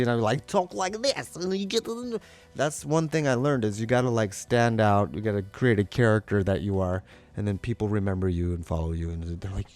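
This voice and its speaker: Rambling low-voiced man telling painting stories. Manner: rambling, animated, acts out quotes in high voices. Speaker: live painter. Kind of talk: casual monologue.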